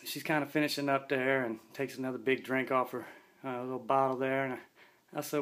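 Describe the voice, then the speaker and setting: A man's voice: mid-range voice, fairly even intonation, fairly quick, fairly bright tone. A middle-aged man telling a story in a casual, folksy, slangy way and often talking about himself in the third person.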